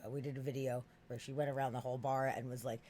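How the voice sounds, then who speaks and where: Animated East Coast podcast host. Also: male voice, medium pitch, quick pace, slight background noise. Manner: animated, laughing, profane and rambling. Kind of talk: casual podcast chat.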